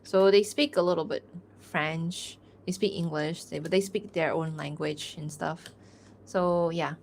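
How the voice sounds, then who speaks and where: A woman's voice: low voice, fairly even intonation, measured pace, a little mellow, a little hiss or hum. A young woman chatting casually on a drawing stream, rambling with lots of fillers and frequent laughs. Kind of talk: casual livestream chat while drawing.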